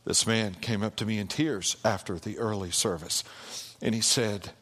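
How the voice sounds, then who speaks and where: A pastor preaching a sermon in an animated way, with repeated phrases and calls of "amen" to the congregation. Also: male voice, lowish voice, moderate pace. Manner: animated, repetitive rhetorical preaching with call-and-response. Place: church sanctuary. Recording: long hall reverb in a church.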